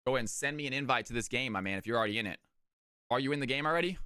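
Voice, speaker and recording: Energetic male stream caster, crisp resonant voice, dry and close. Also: mid-range voice, rapid-fire, dry recording. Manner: hyped, energetic hype-man delivery. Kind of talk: live game-stream casting.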